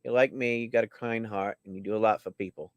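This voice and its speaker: A man's voice: on the low side, steady tone, fast, clean tone, dry recording. A man hosting a coin auction livestream, chatting casually and joking as he talks straight to his viewers.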